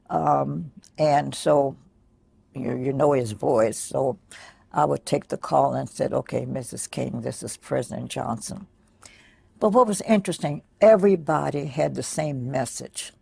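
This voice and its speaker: An older woman quietly recounting a personal memory in a soft, halting way with many pauses. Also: sits low, creaky, breathy edge, no room sound. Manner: soft-spoken, pausing, many fillers. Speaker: interviewee. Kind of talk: personal recollection.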